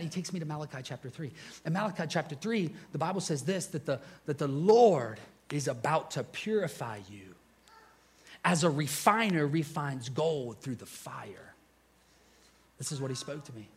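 A man preaching a sermon, telling his story with animated energy and dropping to a hushed intensity. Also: a little high, normal speed, breathy edge.

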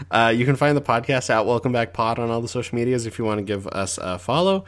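A man co-hosting a casual movie review podcast, talking in a relaxed, thoughtful way with the odd swear. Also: mid-range voice, brisk. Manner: relaxed, thoughtful, lightly profane. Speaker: podcast co-host.

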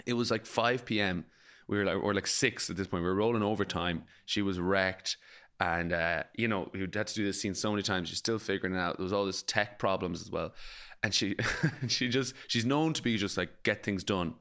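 This Galway man co-hosts a podcast, spinning a meandering tale in relaxed chat full of filler words and curses. He speaks in a low voice that is a little fast and a bit bright.

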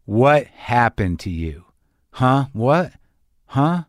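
A man's voice: medium pitch, animated, measured pace, no echo, studio quality, natural voice. A man quoting a blunt, caring sober woman. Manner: blunt, questioning.

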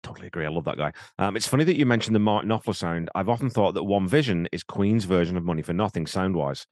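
A man's voice: low voice, fast, darkish tone, no echo. A man co-hosting a podcast, blunt and sweary with a dry sense of humour. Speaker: podcast co-host. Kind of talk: casual chat.

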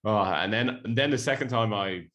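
A chatty Irish man with a very low voice co-hosts a relaxed radio chat. He tells long stories and laughs easily. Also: normal speed. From Ireland. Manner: chatty storyteller, laughs often.

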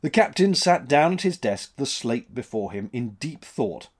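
A man reading a story aloud as narrator, in an expressive, dramatic manner. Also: mid-range voice, normal speed.

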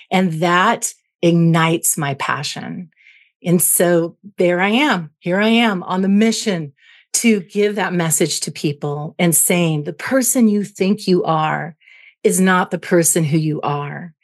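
A middle-aged woman psychologist explaining calmly and carefully as a guest on a podcast interview. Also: lowish voice. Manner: measured, explanatory.

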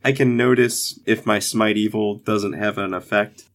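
Gravelly man player. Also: fairly low pitch, fairly even intonation, moderate pace, a bit bright. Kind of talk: casual tabletop play.

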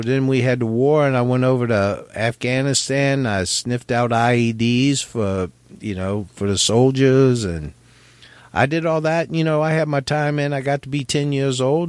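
A man voicing a retired male police dog who tells his life story in a halting, rambling way, as part of a joke. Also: mid-range voice, clean tone, dry recording, lightly acted.

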